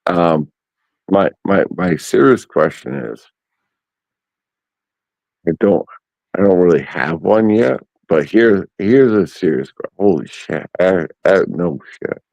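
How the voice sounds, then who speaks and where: A man's voice: sits low, animated, takes it slowly, gravelly, pauses often, darkish tone, no room sound. A man co-hosting a casual live-stream chat, playful and teasing.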